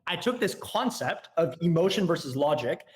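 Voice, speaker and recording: A young man, a guest on a casual podcast, explains sales tactics in a lively way and acts out both sides of a call. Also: a little high. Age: young adult. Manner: rapid, animated explaining, acting out both sides of calls.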